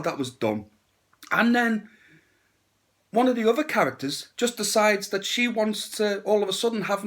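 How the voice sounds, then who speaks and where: A man giving a casual, blunt and crude horror movie review, with sarcastic asides. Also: high voice.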